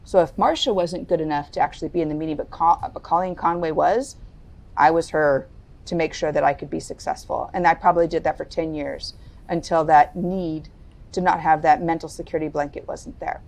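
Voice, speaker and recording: Middle-aged woman on a podcast, lowish gravelly voice, candid and slow-ish. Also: steady tone, darkish tone. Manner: candid, lowers her voice and speaks deliberately. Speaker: podcast guest. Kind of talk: reflective interview storytelling.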